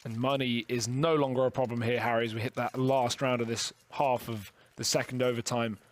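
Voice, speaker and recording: A man commentating a competitive shooter match, calling plays quickly and joking with his co-caster. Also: mid-range voice, level tone. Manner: jokey banter between calls. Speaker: esports caster. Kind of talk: play-by-play commentary.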